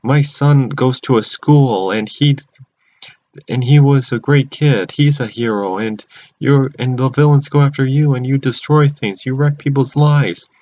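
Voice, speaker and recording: A man's voice: medium pitch, measured pace, warm tone, lo-fi sound, pitched above the performer's own voice, lightly acted. A man voicing an angry grieving father who is a cartoon villain, in an accusing raised voice.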